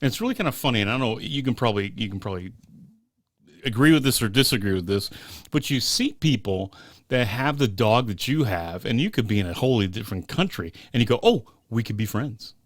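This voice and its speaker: A man's voice: mid-range voice, animated, quick pace, no room sound, clean studio sound. A man co-hosting a casual podcast, loose and joking, swearing now and then. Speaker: podcast co-host. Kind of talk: casual chat.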